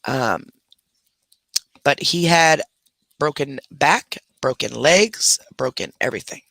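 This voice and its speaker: A man hosting a casual livestream from his bedroom at home, telling stories in an animated way and scolding his dogs in between. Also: mid-range voice, slow pace, gravelly, no room sound. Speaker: livestream host. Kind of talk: casual live chat.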